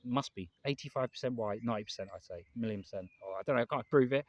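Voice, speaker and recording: A man with an English accent talks fast and bluntly, circling back and repeating his points. His voice is dry and close, with no room around it. He sounds like someone vlogging on his own in a park. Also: mid-range voice, no echo, lo-fi sound. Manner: rambling, emphatic, repeats himself, swears. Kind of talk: candid vlog monologue. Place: outdoors in a park.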